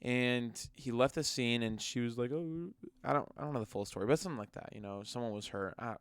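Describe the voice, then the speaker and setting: A man's voice: medium pitch, fairly even intonation, fast talker, clear, resonant tone, dry recording. Heated young man ranting about fights. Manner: heated, profane, mocking. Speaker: MMA commentary vlogger. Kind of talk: casual rant to camera.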